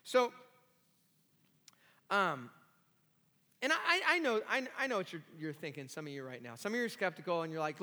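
A man pastor preaching an animated, self-deprecating sermon with many restarts in a church hall. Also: fairly high pitch, normal speed, pauses often.

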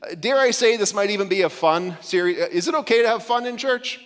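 A man's voice: sits high, quick pace. A man preaching a sermon as a pastor, conversational, with light humor and frequent restarts. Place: church sanctuary. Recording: long reverb of a church hall.

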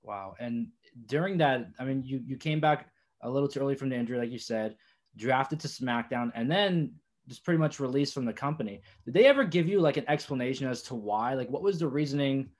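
A man's voice: medium pitch, fairly quick, a little mellow. Young man asking rambling interview questions. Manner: rambling, hesitant questions with many fillers. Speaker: podcast host.

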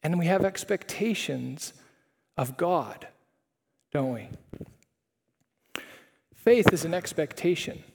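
A man's voice: fairly high pitch, expressive, slow pace, vocal fry, pauses often, a little mellow, husky. A male pastor giving a conversational chapel sermon full of rhetorical questions. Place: chapel hall. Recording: reverberant chapel hall.

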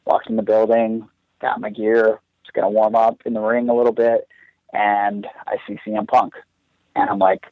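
A man's voice: fairly low pitch, monotone, normal speed, no room sound. A young man, a wrestler guest on a podcast, telling a long personal story in a casual, earnest, rambling way, with many "like"s. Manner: earnest, rambling, heavy use of "like". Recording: dull, dry lo-fi sound.

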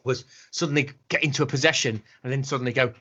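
A man's voice: medium pitch, fairly even intonation, fast, sharp tone, lo-fi sound, a little hiss or hum. A man co-hosting a casual podcast chat, rambling and sweary, often slipping into mock voices. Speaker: podcast co-host.

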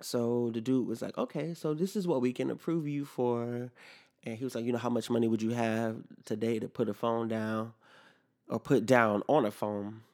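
A man's voice: mid-range voice, steady tone, normal speed, mellow. A young man hosting a podcast, telling a story in a casual, profane rant and acting out both sides of each conversation. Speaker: podcast host.

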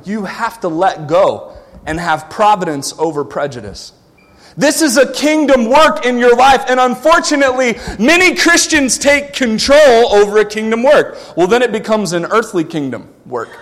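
A Southern-accented pastor from the American South preaches a sermon in a large hall, his voice sitting high as he swings from loud exhortation to quiet asides.

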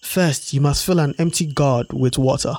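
A man voicing the spider's calm, wise wife in a storybook read-aloud, giving steady advice. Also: mid-range voice, moderate pace, natural voice. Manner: calm, advising.

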